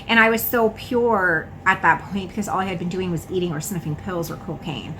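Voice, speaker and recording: A woman's voice: fairly low pitch, fairly quick, a bit bright, slight background noise. A woman telling her own story in a candid, casual way, swearing freely and saying "like" often.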